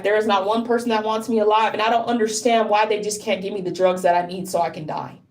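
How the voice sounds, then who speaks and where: A woman in deep distress, speaking bluntly and profanely in an unscripted monologue to camera, often stopping to repeat herself. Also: a little mellow. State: deeply distressed. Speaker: vlogger.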